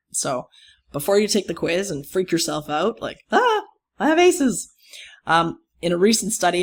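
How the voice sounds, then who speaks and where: A lecturer giving a recorded course lecture, explaining clearly, speaking directly to students and stressing key words as they rephrase points. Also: medium pitch, fairly bright tone.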